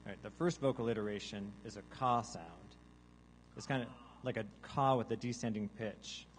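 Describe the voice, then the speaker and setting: A man giving a deadpan mock science lecture to a live audience, now and then breaking into loud seagull caws and zombie groans. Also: lowish voice, normal speed, rough recording. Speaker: guest artist presenting research. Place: large hall with a live audience.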